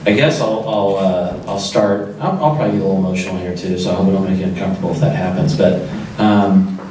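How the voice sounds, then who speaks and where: Man with a very low voice, speaking unprepared at a memorial, far from the mic in a reverberant room. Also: fairly even intonation, fast talker, darkish tone, slight background noise. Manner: loose and joking, with frequent fillers. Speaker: son of the deceased, event host. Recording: echoey hall, speaker off-mic.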